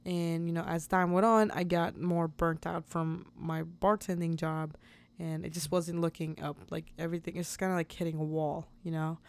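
A woman hosting a podcast, telling a personal story in a chatty, animated way, laughing often and acting out the dialogue. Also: lowish voice, normal speed, clear, resonant tone. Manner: chatty with many fillers and restarts. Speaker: podcast host. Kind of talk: casual storytelling.

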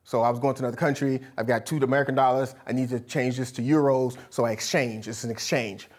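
A man preaching a sermon in a lively, conversational way, with laughs and asides. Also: medium pitch, quick pace. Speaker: pastor.

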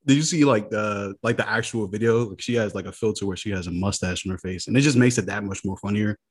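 A man's voice: on the low side, fast, breathy edge. A man co-hosting a podcast in laid-back, slangy casual chat, often tossing in filler questions. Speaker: podcast co-host.

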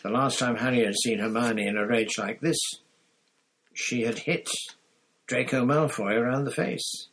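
A man reading a novel aloud in steady storytelling, with the odd slip. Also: mid-range voice, measured pace, slightly rough, poor audio. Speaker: audiobook reader.

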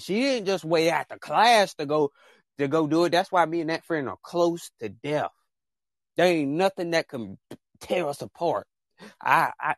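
A man's voice: mid-range voice, dry recording. Fired-up young man giving advice. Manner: passionate, rambling, talks straight to viewers. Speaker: podcast host. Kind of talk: casual chat, preachy advice.

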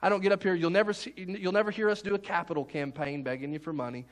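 A man's voice: high-pitched, fast talker. A man preaching a sermon as pastor, in a folksy, conversational way with many restarts.

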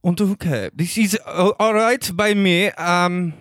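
A man's voice: high-pitched, slow, a bit bright, no echo. Nervous German carpenter, played by a man in a put-on accent; hesitant, broken English, dry close sound. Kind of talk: improvised comedy sketch.

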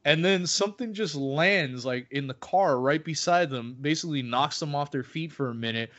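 A New man with a high-pitched voice chats animatedly, swearing freely as he acts out scenes. The audio is a little muffled, like a lo-fi recording. His bursts swing up and down as he retells moments. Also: moderate pace, fairly bright tone. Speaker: podcast co-host. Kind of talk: casual film-discussion chat.

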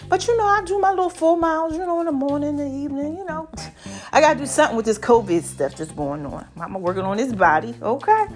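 Hoarse, animated woman podcast host. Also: high-pitched, soft background music. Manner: animated, drawn-out, calls listeners baby and y'all. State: hoarse from allergies. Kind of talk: casual podcast chat.

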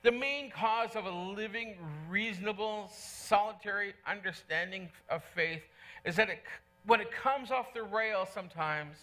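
A middle-aged man preaches in a church, his voice pitched high and ringing bright. He talks to the congregation in an earnest, conversational way and repeats key lines for weight. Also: unhurried. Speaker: pastor. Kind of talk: sermon.

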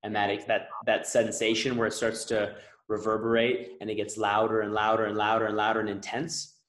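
Low-voiced man in an echoey room. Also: monotone, brisk, a bit bright. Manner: earnest, explaining with analogies. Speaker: podcast host. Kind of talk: reflective podcast conversation.

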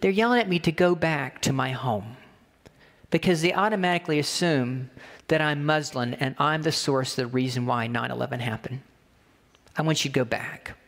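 Guy doing a crying upset churchwoman, pleading, high and echoey. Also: moderate pace, a bit bright. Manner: pleading, distressed.

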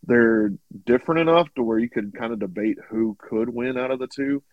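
A man's voice: medium pitch, fairly quick, no room sound, phone-quality sound. A man chatting casually on a podcast, rambling with many fillers. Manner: rambling, many likes and ums. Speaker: podcast host. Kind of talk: casual chat.

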